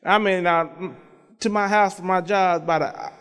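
A man preaching in a church with a high voice, swinging from easy storytelling into half-sung praise and punctuating it all with amens. The sound carries a long reverb from the sanctuary. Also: a little fast. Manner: fervent, half-sung repeated phrases; conversational storytelling with frequent amens. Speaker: pastor. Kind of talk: sermon with personal testimony.

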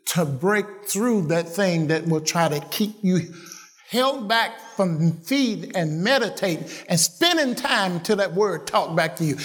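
High-voiced, slow preaching man. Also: animated, a bit bright. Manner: emphatic, repeats phrases, calls out to listeners. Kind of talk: sermon.

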